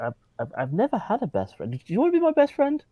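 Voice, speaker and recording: A man's voice: fast, breathy edge, no room sound, dull audio, heavily acted. A man playing a stammering, childlike young fellow. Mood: excited. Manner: excitable, stammering, gasping with high squeals. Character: timid, eager, childlike young male bookish finder. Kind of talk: in-character tabletop role-play.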